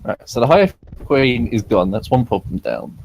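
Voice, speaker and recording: A man playing in a tabletop game, chatting casually and firing off quick questions. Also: medium pitch, sing-song, slight background noise. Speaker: player.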